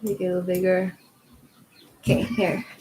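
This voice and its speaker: A woman's voice: fairly low pitch, little pitch movement, moderate pace, dark tone, a little hiss or hum, poor audio. A woman chatting casually on her video channel, rambling with lots of "like" and laughing while she tries yoga stretches, a little out of breath. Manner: rambling, chatty, laughs often, says "like" a lot. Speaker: tarot channel host. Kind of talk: casual chat while showing yoga moves. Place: at home with her dog.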